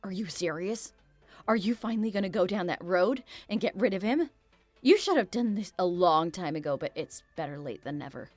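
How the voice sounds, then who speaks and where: A woman's voice: lowish voice, lively intonation, normal speed, dry recording, faint music behind. A woman's text-to-speech voice playing a blunt, pushy friend who urges her to leave. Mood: blunt, urging. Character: blunt, protective female friend.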